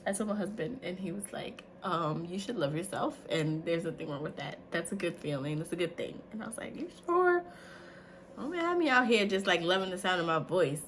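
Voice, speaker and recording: A woman in her thirties chats to her viewers, lively and full of asides. Her voice sits on the low side for a woman. A faint hiss runs under the recording. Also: fairly quick, hardly any pauses. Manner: chatty, animated, says "y'all" and "like" often. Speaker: vlogger. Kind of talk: casual talk to camera.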